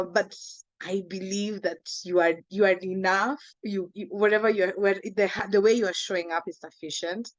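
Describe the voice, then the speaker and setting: A woman panelist speaking in a gentle, reassuring way. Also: mid-range voice, dry recording, lo-fi sound. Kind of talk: panel talk.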